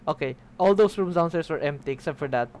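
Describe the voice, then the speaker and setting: A man's voice: on the high side, fast talker, a little mellow, slight background noise. A young man streaming a game, chatting casually, swearing and reading the game's text aloud. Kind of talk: casual let's play commentary.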